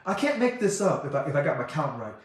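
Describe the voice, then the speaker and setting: A man delivers a passionate monologue, his fairly high voice rising fast and loud as he gets worked up. The sound bounces around a very echoey room. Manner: passionate, talks fast and loud when excited. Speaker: organization president. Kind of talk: impassioned monologue.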